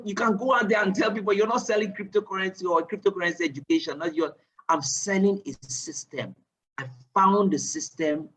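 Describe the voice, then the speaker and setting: A man leading a live online sales training, quizzing his listeners with repeated questions and rising with excitement. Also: far from the mic, slight background noise, low-quality recording. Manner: animated, rising pitch when excited.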